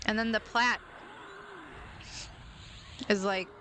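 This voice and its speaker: A woman's voice: mid-range voice, steady tone, slow pace, bright, forceful tone, a little hiss or hum, poor audio. A young woman streaming a game, chatting playfully with her viewers and giggling at her own jokes. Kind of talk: casual chat while gaming.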